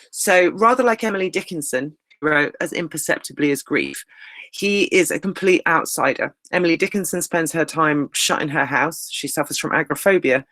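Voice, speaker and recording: A man giving a recorded English lesson, explaining with lively energy. His voice sits a little high, and the sound is dry and close. He slows down to read lines of poetry. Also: no room sound. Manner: explanatory, lively, reads verse slowly. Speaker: English teacher. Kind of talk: recorded lecture.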